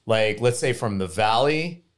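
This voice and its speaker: Talkative low-voiced man from California. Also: animated, measured pace. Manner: talkative, hesitant restarts. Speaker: guest. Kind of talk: casual chat.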